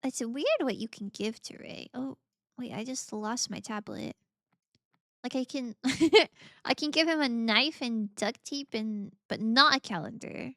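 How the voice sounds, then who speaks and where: A woman's voice: fairly high pitch, a little slow, a bit bright, dry recording, clean studio sound. A woman streamer chatting casually while playing games, bubbly and gushing, laughing often. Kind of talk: casual gaming stream chat.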